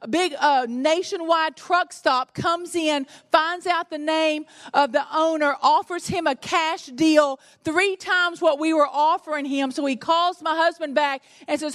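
A middle-aged woman, preaching a sermon and telling a personal story with animated, self-mocking humor. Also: high voice, in a large hall. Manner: animated storytelling, laughs at herself. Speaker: pastor's wife and preacher.

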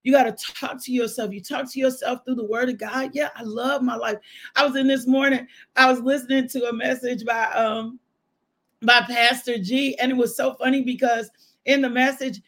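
A woman hosting a devotional podcast, preaching with exuberant shouts, whoops and call-and-response. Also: sits high, fairly even intonation, moderate pace.

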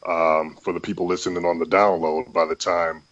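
A man's voice: deep voice, flat delivery, fairly quick, fairly bright tone, no echo. A man co-hosting a casual podcast, laid-back and full of fillers, repeating himself. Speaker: podcast co-host. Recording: dry, dull lo-fi mic.

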